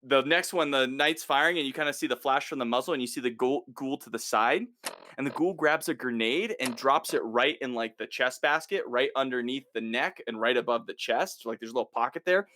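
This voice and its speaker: Male co-host, bright forceful voice, lively play-by-play recap, drops into quick impressions. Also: medium pitch, a little hiss or hum. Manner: animated retelling, acts out the characters' lines. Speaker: podcast co-host. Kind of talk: casual recap chat.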